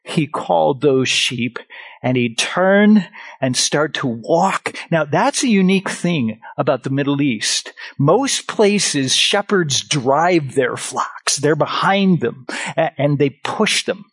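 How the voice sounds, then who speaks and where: Slow, bright-voiced preacher man. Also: slightly rough, no room sound. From grew up on a farm. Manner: animated, swings pitch, acts out shepherd calls. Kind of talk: sermon on a scripture passage.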